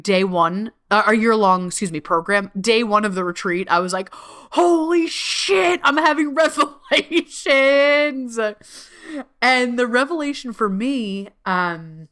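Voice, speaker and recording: A woman talks through her solo podcast in a loose, unscripted way, swearing freely and leaning on "like". Her voice is bright and forward, and it leaps high in bursts of animation. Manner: chatty, heavy swearing and frequent "like" fillers; animated, with sudden jumps up in pitch. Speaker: podcast host. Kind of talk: casual solo podcast monologue.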